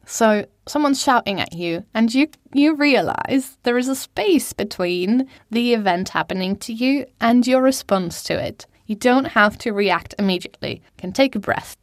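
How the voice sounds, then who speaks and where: A woman's voice: fairly high pitch, lively intonation, normal speed, few pauses, dry recording, studio quality. A young woman hosting a solo podcast from a small cupboard at home, talking casually and teasing herself. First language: German. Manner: casual, self-mocking, laughs at herself. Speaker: podcast host. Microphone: studio microphone.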